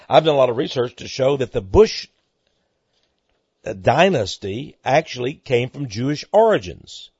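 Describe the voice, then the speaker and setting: A man hosting a monologue commentary, speaking emphatically and climbing into excited outbursts, on a dull lo-fi recording. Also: a little high, slightly rough, no room sound. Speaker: commentary host.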